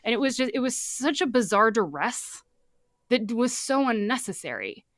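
A woman with a light Southern accent, a guest telling her story in a candid, animated, casual way. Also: on the high side, moderate pace, no room sound, clean studio sound. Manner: candid, animated, swears freely.

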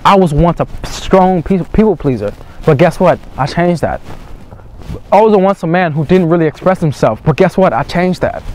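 A man's voice: on the high side, animated, moderate pace, darkish tone, a little hiss or hum. Earnest young man giving a pep talk. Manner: earnest, repetitive, swears casually. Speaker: dating coach. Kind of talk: motivational monologue.

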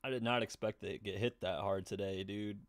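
A man casually reacting to an anime episode, excitable, swearing and laughing often as he talks. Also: on the low side, a little fast, soft background music.

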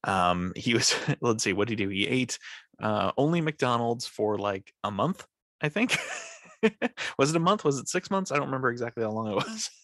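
This man co-hosts a podcast, keeping things loose with rambling talk and frequent laughter. His mid-range voice has big pitch swings and a fairly bright tone at a moderate pace, recorded in a clean studio with no room sound.

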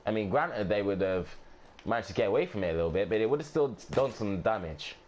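A man's voice: lowish voice, expressive, quick pace, a little mellow, slight background noise. A man giving casual, offhand gameplay commentary, swearing and thinking aloud as he plays.

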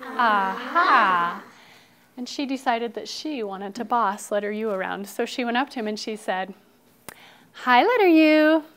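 A woman teacher telling a phonics story to children, expressive and coaxing them to repeat after her. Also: mid-range voice, brisk, hardly any pauses.

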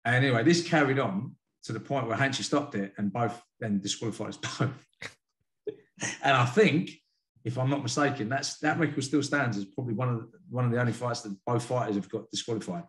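A man from the UK, a karate sensei and boxing coach, telling stories frankly and earnestly as a podcast guest. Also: medium pitch. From United Kingdom. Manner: frank, earnest, quick to admit feelings. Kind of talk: candid storytelling in a podcast interview.

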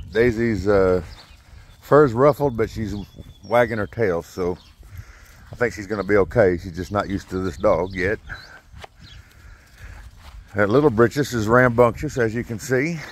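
Guy chatting easy outside in the yard, lowish voice, faint background hiss. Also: a little slow, pauses often. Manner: easygoing, coaxes the dog between remarks. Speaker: vlogger walking a new puppy. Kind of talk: casual running commentary. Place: outdoors in a yard.

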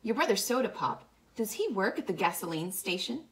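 A woman voicing a pretty, cool-headed teenage girl cheerleader in a read-aloud, with a biting edge that softens. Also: mid-range voice, lively intonation, moderate pace, close to an everyday voice.

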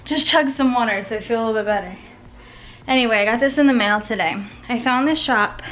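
A woman's voice: fairly high pitch, fast, a bit bright, slight background noise. A young woman chatting casually at home to a handheld camera, rambling and correcting herself as she goes. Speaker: vlogger. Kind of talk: casual vlog chat.

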